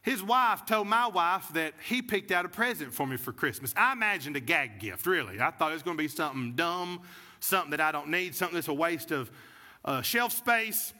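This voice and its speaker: A high-pitched man with a very bright, cutting voice preaches a sermon. He tells a story, then rises into fervent preaching. The long reverb of the church sanctuary trails after his words. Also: very animated, fairly quick. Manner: storytelling, builds to preaching fervor. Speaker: pastor.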